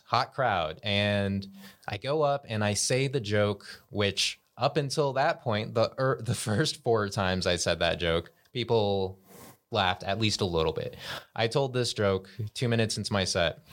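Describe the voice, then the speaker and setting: A man's voice: fairly low pitch, unhurried, a bit bright. A young man, a stand-up comedian on a podcast, telling stories in a laid-back way, laughing often and restarting his sentences. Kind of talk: casual podcast chat.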